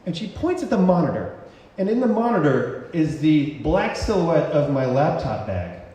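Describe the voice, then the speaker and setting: A man's voice: a little high, very animated, moderate pace, warm tone. A man in his thirties telling a personal story live on stage, rambling and stammering with lots of fillers. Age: 30s. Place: stage at a cultural center. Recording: echoey hall from a distant mic.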